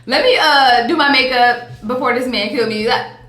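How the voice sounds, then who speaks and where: A woman, talking to camera in a chatty, animated, playful vlog style. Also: sits high, normal speed, reverberant. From Virginia, USA. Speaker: vlogger. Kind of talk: casual vlog talk to camera. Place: hotel room on vacation.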